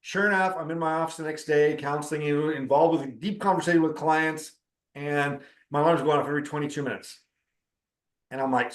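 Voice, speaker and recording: A man's voice: on the high side, a little fast, a bit bright. Man telling a spiritual story, echoey room. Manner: conversational, acts out quoted dialogue. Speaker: spiritual teacher and counselor. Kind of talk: storytelling talk on spiritual practice.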